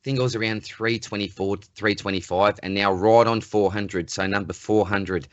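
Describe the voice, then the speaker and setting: A man's voice: lowish voice, fairly even intonation, normal speed, no room sound. An Australian man co-hosting a podcast, talking in an easygoing way and chuckling often. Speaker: podcast co-host; school teacher. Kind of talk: casual chat. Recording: dry, muffled lo-fi audio.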